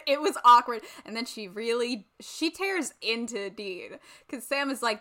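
A young woman chats on a podcast in a bright, clear voice pitched a little high. She giggles often and explains at length, filling pauses with "um" and "uh". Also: lively intonation. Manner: chatty, giggly, explains with fillers. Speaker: podcast co-host. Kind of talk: casual chat.

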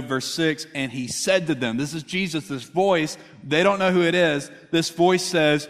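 A man's voice: fairly high pitch, a little slow. A man preaching a sermon, talking with the congregation in a conversational way and asking them questions. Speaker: pastor. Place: church hall. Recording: long hall reverb.

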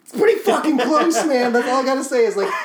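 A podcast co-host arguing a point in casual chat, animated and swearing constantly. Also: sits high, fast talker, noisy background. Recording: roomy echo.

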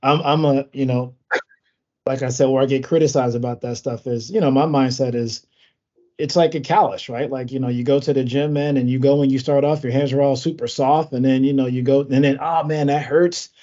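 Guy hosting a podcast, warm relaxed voice, pep-talk vibe, dull audio. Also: medium pitch, brisk. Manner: motivational, talks in gym analogies. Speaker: podcast host. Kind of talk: casual interview chat. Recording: dull lo-fi sound.

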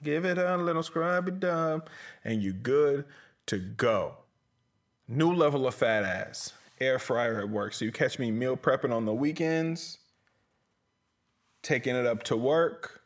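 A man hosting his own podcast alone, speaking from a small closet. He talks slowly and lets each thought wander, swearing freely and poking fun at himself. His voice sits in a middling pitch. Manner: profane, self-mocking, rambling. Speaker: podcast host. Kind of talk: solo rambling podcast monologue.

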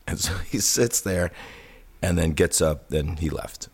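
A middle-aged Midwestern man with a very low, gravelly voice spins stories in casual podcast chat. He acts out the quoted lines with gusto, jumping up in pitch for the shouted parts. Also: steady tone, moderate pace. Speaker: podcast host.

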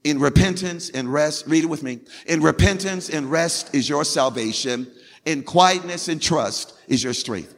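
Male pastor, sermon delivery, high and bright, call-and-response with lots of repetition, long church reverb. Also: a little slow. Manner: call-and-response, repeats phrases for emphasis. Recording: long hall reverb from a big room.

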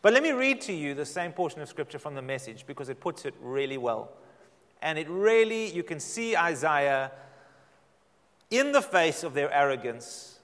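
A middle-aged man preaches a sermon, leaning hard on slow, repeated phrases and sudden swells of emphasis. His voice sits a little high for a man. It rings out with a long reverb, as in a large hall. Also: sing-song, a bit bright. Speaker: pastor.

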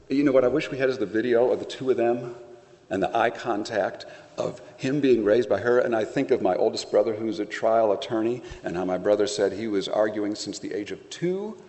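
A pastor preaching a conversational sermon, telling the story playfully with acted asides. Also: male voice, medium pitch, a little mellow, in a large hall.

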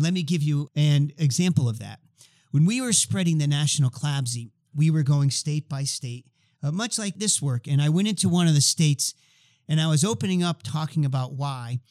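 A man in his fifties talks as an interview guest, spinning lively stories and playing out the dialogue. His voice sits a little high for a man. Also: normal speed. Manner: animated, acts out dialogue in stories. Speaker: guest expert on healthcare change. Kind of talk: conversational storytelling.

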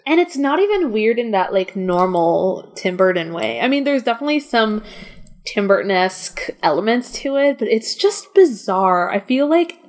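A woman's voice: mid-range voice, sing-song, moderate pace. Candid woman in casual podcast chat. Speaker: podcast co-guest.

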